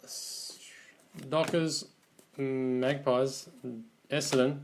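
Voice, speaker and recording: Slow, easygoing Australian man calling cards. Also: mid-range voice, background noise. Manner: unhurried, relaxed running commentary, calling out teams one by one. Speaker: card box break host. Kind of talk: live card break commentary.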